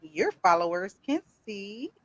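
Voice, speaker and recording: Bright-voiced hype podcast host woman. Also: medium pitch, very animated, slow, dry recording. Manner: hyped, playful, talks to viewers. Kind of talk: casual live-stream chat. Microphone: streaming setup.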